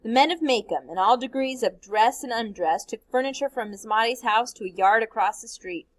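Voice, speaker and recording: A woman's voice: fairly high pitch, brisk, low-quality recording. Woman reading a novel aloud. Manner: steady, expressive reading. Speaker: teacher.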